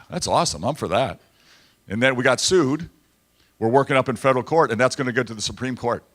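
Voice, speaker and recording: Man, political dinner speech, storytelling, emphatic repetition, mid-pitched voice. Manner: storytelling, animated, repeats lines for emphasis. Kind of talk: campaign-style speech. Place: banquet hall at a dinner event.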